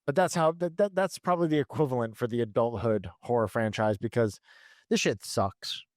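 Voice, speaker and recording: A man's voice: medium pitch, a little fast, dry recording, clean studio sound. A man in his thirties co-hosting a casual podcast, rambling and swearing with frequent restarts and laughs. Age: 30s. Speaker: podcast co-host. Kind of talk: casual chat.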